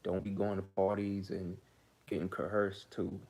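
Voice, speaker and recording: A man's voice: sits low, little pitch movement, measured pace, a little mellow. A man hosting his own commentary vlog, ranting heatedly, stammering and repeating himself. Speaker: host.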